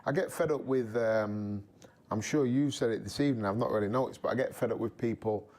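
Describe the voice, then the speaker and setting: A man's voice: fairly low pitch, fairly quick, darkish tone. Thirties man, interview guest, frank and reflective, stumbles over repeats. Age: 30s. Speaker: studio guest, former athlete. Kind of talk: casual interview talk.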